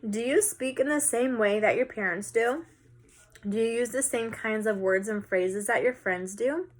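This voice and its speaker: A woman teacher casually walking students through a recorded lesson, talking in a relaxed way with some filler words. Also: a little high, moderate pace.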